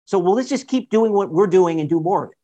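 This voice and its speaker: A man speaking as a guest author in a political discussion, animated, firing off rhetorical questions and restarting sentences often. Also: high-pitched, fast.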